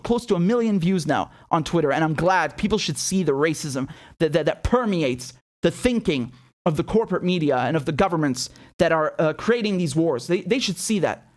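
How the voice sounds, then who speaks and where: A man with a fairly high voice delivers angry political commentary. He swears freely and hammers his points with repeated words. He often throws out mocking rhetorical questions. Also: lively intonation, moderate pace. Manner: heated, profane, emphatic with many repeated words.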